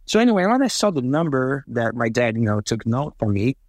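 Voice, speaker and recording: A man from Brazil, an interview guest telling casual, animated stories with many fillers and acted-out quotes. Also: mid-range voice, a little fast, no room sound, clean studio sound. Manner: animated, acts out quoted voices, frequent fillers. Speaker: interview guest, racing driver. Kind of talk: casual storytelling.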